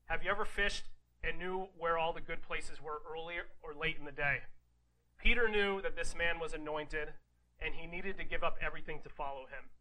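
A man preaching a sermon in a raised, bright voice with a sharp, forceful edge. He reads scripture aloud and then unpacks it casually. He keeps turning to his listeners with rhetorical questions and quick "right?" asides. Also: fairly high pitch, fairly even intonation, slight background noise, rough recording. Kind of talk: conversational sermon.

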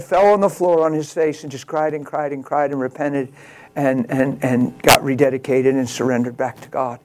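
A male pastor preaching a sermon, telling a story and swinging from quiet, slow lines to loud exclamations. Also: mid-range voice, steady tone.

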